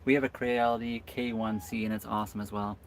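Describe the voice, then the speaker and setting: A man's voice: on the low side, level tone, quick pace, a crowd in the background. A man hosting a live stream from his sailboat, chatting casually and answering viewer comments. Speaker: boat vlog host.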